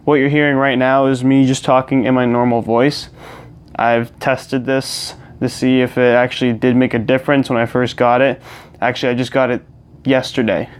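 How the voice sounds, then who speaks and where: Relaxed young man rambling into a lapel mic. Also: medium pitch, moderate pace, clean tone. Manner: rambling, relaxed, many fillers and restarts. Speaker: gaming vlogger. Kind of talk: casual chat to camera while gaming. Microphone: clip-on lapel mic plugged into phone.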